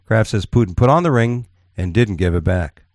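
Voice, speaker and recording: A man's voice: lowish voice, lively intonation, moderate pace, a little mellow, dry recording, clean studio sound. A man co-hosting a talk show, reading odd news stories and bantering, rambling with restarts and tough talk. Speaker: radio show co-host.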